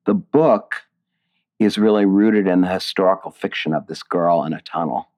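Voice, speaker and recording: A man with a very low, deep voice speaks in a relaxed interview. He talks reflectively and digressively, circling back and restarting his thoughts as he explains his work. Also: moderate pace. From Indiana, USA. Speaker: playwright and author being interviewed. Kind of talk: casual interview conversation.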